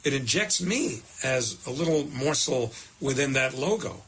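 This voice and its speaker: An older man, a veteran baseball broadcaster telling stories in an interview, measured and warmly reflective. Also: mid-range voice, husky. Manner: measured, animated when quoting himself.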